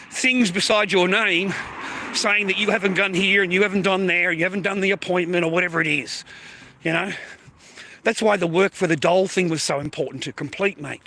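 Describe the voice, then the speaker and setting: A man's voice: sits high, sharp tone. A man with an Australian accent, livestreaming a casual outdoor monologue, blunt and sweary, tagging his sentences with "mate" and "bro". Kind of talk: casual live stream monologue. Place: outdoors near neighbourhood shops.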